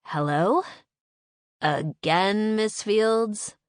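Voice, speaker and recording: A curt, impatient spy boss. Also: female voice, mid-range voice, extremely slow, no room sound, clean studio sound, pitched above the performer's own voice. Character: terse male government spy boss. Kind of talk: audiobook character voice.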